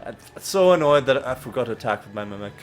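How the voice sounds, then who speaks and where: A man's voice: medium pitch, animated, fast. A man hosting a let's play, giving gameplay commentary in swearing, frustrated rants full of stammered restarts, with game music behind him.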